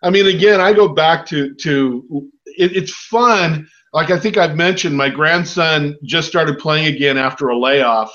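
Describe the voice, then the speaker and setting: A man's voice: a little high, unhurried, pushed and bright. A man in his sixties chatting casually as a podcast host, rambling and self-mocking. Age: 60s. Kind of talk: casual chat. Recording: dull lo-fi sound.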